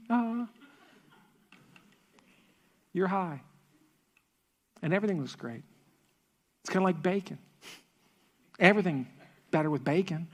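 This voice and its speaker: A man pastor preaching a sermon in a church, animated and repetitive for emphasis, with joking asides. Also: high-pitched, a little slow, long pauses. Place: church stage.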